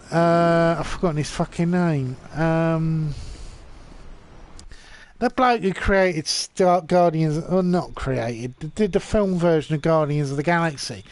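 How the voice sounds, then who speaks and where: A man's voice: a little high, slight background noise. A drunk man in his forties rambling and swearing while streaming a game. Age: 40s.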